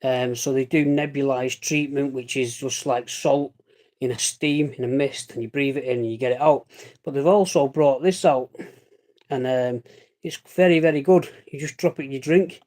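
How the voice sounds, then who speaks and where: A man's voice: medium pitch, steady tone, normal speed, a little mellow. A man chatting casually on a livestream, rambling with jokey asides and the odd swear word. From Britain. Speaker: vlogger living with a lung condition.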